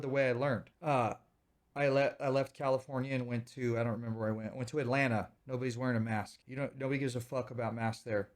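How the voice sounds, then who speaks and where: A man in his thirties ranting heatedly and profanely on a livestream, stopping to thank viewers. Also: medium pitch. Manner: thanks viewers for donations mid-rant. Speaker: streamer reacting to videos. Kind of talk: casual livestream rant.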